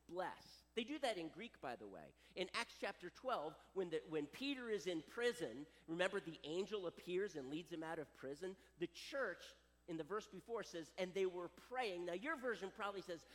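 A man preaches a sermon with a high, lively voice that swoops up and down. He delivers it with dramatic flair in a hall with a long echo. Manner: animated, dramatic preaching with acted quotes. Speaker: pastor.

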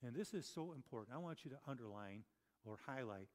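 A man's voice: mid-range voice, expressive, brisk, darkish tone. A man preaching a conversational sermon, chatty and full of rhetorical questions and self-corrections. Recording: long reverb of a large hall.

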